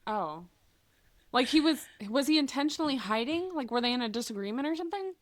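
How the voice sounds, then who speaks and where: Woman, podcast co-host, slightly high and dry, playful storyteller. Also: dry recording. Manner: animated, playful storytelling with quick asides. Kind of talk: casual chat.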